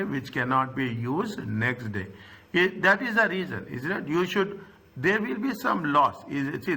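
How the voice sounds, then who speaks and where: A man's voice: on the high side, bright, forceful tone. A middle-aged man teaching an accounting lecture, repeating himself and checking in with frequent "okay?" asides. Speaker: accounting tutor. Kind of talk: recorded lecture.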